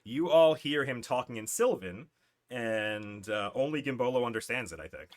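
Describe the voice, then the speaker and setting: A man's voice: mid-range voice, expressive, normal speed. A man narrating a tabletop game as game master, loose and chuckling, correcting himself as he goes.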